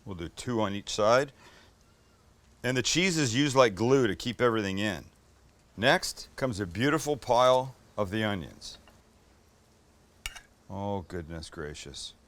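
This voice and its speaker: Cooking at a flat-top grill in his kitchen, a middle-aged man keeps up cheerful, joking, lightly profane chatter for his show. He speaks at normal speed in a medium-pitched, expressive, slightly bright voice.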